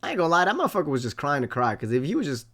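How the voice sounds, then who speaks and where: With a fairly high voice and rapid-fire delivery, a live-streaming man reads chat messages aloud and reacts animatedly and loosely, swearing freely.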